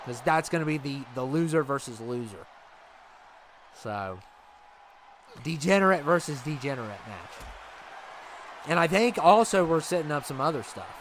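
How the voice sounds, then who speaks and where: A man's voice: fairly high pitch, big pitch swings, normal speed, pauses often, a bit bright, slight background noise. A man hosting a livestream, chatting casually and rambling with his viewers, laughing easily. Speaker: livestream host.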